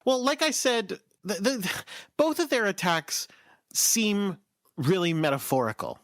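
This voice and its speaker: Man, casual podcast chat, self-correcting storyteller, very expressive pitch, dead dry room. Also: unhurried, no room sound. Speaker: podcast co-host. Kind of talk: casual chat recapping an episode.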